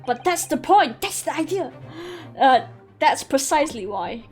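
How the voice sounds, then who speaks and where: An earnest young male defense lawyer from a courtroom video game lays out his theory in a measured, deliberate way, voiced by a woman streamer reading aloud. The voice is high, with faint music underneath. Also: sing-song, a little mellow, heavily acted.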